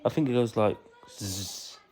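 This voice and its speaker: Man, father playing with a toddler, teasing sing-song talk, slow easy pace. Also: fairly high pitch, very animated, a little mellow. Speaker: father playing with his child.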